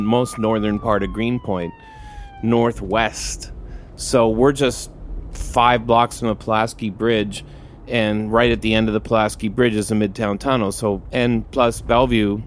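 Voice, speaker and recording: A man casually telling a personal story in a candid, profane, wry way, acting out the people in it. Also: a little hiss or hum. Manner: acts out quoted dialogue with raised pitch. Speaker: storyteller recounting a personal accident.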